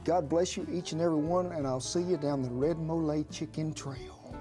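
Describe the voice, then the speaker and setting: A man's voice: on the high side, fairly even intonation, normal speed, music in the background. A man hosting a cooking show in a folksy, drawling way. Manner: folksy, drawling, calls people sugar.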